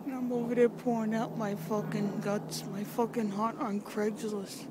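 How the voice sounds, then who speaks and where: Halting, tearful woman over traffic noise. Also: medium pitch, level tone. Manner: swearing, halting and tearful, often sighing. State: emotional, on the verge of tears. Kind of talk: emotional personal video message. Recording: noisy background with vehicles.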